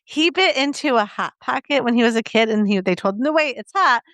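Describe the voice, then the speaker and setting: A woman's voice: a little high, expressive, a little fast, a bit bright, dry recording. A middle-aged woman co-hosting a podcast, chatting with enthusiasm and laughing often. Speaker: podcast co-host. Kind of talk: casual chat.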